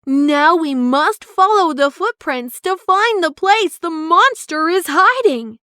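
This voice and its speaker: A woman doing a brave young girl from a children's storybook, earnest and determined. The voice sits high and moves a lot, spoken slowly and close to a dry mic. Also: animated, pushed and bright, dry recording, heavily acted.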